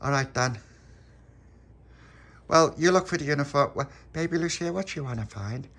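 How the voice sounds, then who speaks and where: A man's voice: a little high, animated, moderate pace, fairly bright tone, voice pushed up. A man voicing an eager, bossy little boy who stumbles over his words as he leads his friends' game.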